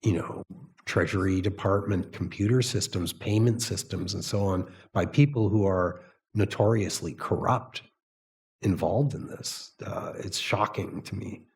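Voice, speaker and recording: A man from Canada speaking as the author at a live book talk, hoarse and losing his voice, thoughtful and full of fillers. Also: deep voice, measured pace, darkish tone.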